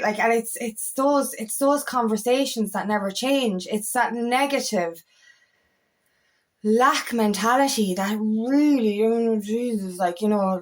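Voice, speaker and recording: A woman working as an empowerment coach, talking casually and frankly to camera, swearing freely and repeating phrases. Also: mid-range voice. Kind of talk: casual spiritual vlog talk.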